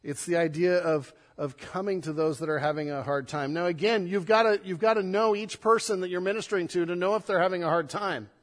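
A man, a pastor, preaching a sermon, swinging between loud emphatic stress and soft, hushed passages. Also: sits high, a little fast, few pauses, big-room sound.

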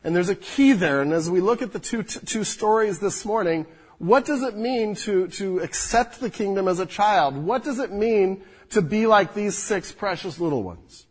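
Husky-voiced male pastor preaching. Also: sits high, moderate pace, rough recording. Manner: animated, restarts often, drops soft when speaking to children. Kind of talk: sermon with children up front. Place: church sanctuary.

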